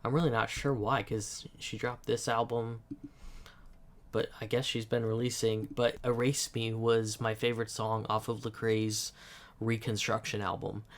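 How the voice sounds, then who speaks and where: Male reaction host: low, even delivery, thoughtful and hedging, corrects himself often. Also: measured pace. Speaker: music reaction channel host. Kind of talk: casual commentary.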